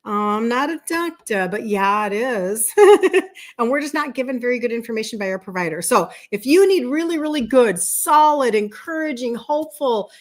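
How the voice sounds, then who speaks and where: A woman's voice: a little high, expressive, moderate pace, hardly any pauses. A woman in her fifties with a Minnesota accent, hosting a casual livestream as a health coach and greeting viewers by name. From Minnesota, USA. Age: 50s. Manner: chatty, repeats words, greets viewers by name. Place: indoor room with balloons behind her.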